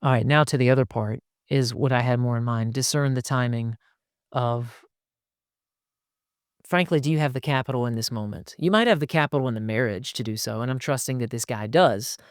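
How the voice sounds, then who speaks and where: An animated man talks through advice on a casual podcast. He jumps into quoted voices as he goes, and his voice sits at a middle pitch. The sound is dry and close. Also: brisk, smooth, no echo. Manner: animated, acts out quoted lines in shifting voices. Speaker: podcast host.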